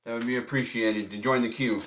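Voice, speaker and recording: A man's voice: mid-range voice, fairly even intonation, a little fast, a bit bright, a little hiss or hum. A man hosting a tarot livestream, chatting casually with viewers and repeating firm, polite instructions to his chat. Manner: polite but strict.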